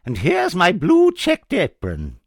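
A man with a gravelly voice voicing a crafty old witch in a fairy tale, pitching his voice up high and shrill. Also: huge pitch swings, takes it slowly, no echo, clean studio sound, heavily acted. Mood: coaxing.

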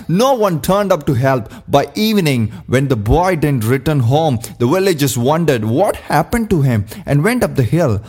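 A man narrating a children's fable in a steady, expressive storybook reading. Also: fairly high pitch, normal speed, hardly any pauses.

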